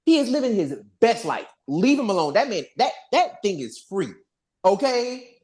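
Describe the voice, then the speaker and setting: A podcast host in casual fan chat, animated and profane, acting out characters' lines while recapping. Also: mid-range voice, moderate pace.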